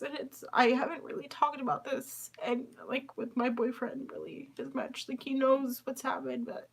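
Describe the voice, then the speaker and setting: A young woman hosting her own podcast, speaking in a confessional, halting way, tearful with a cracking voice. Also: high voice, level tone, gravelly, breathy edge. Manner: emotional, halting, confiding. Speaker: podcast host.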